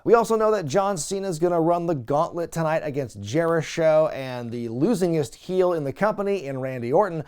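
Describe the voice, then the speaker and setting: A man's voice: on the high side, a little mellow, smooth. A man hosting a wrestling recap show, talking in a wry, chatty way and laughing at what he describes. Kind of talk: casual recap commentary.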